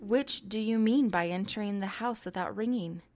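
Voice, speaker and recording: A woman's voice: medium pitch, normal speed, a little mellow, lightly acted. A woman voicing a young society woman from a storybook, speaking earnestly and pleadingly. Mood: angry. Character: young society woman, composed then agitated.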